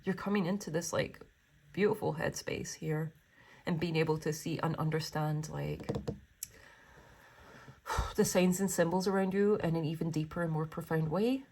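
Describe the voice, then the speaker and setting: A young woman reading tarot cards for her viewers, with a voice that sits a little low for a woman. She gushes with feeling and rambles through her thoughts, full of little fillers and restarts. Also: fairly even intonation, moderate pace, pauses often, darkish tone, slightly rough. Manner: gushing, emotional, rambling with many fillers. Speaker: tarot reader. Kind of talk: pick-a-card tarot reading.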